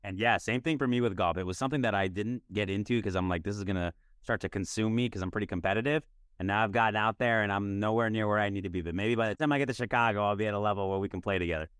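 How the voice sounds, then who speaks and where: A man's voice: lowish voice, fairly bright tone, smooth, dry recording, studio quality. A man in his thirties hosting a podcast, upbeat and enthusiastic as he chats with a guest. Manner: upbeat, enthusiastic, quick-talking. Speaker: podcast host. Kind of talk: casual interview chat.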